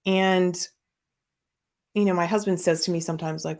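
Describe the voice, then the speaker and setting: Her lowish, slightly mellow voice moves at a moderate pace as this middle-aged podcast host and business coach tells a candid personal story, wandering through many fillers and restarts.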